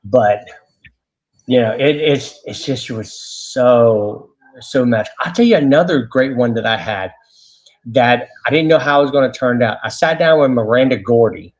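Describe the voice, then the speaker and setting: A man's voice: mid-range voice, normal speed, low-quality recording. A man, a radio host telling stories as an interview guest, chatty and full of fillers and restarts. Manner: animated anecdotes with many fillers and restarts. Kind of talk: casual storytelling interview.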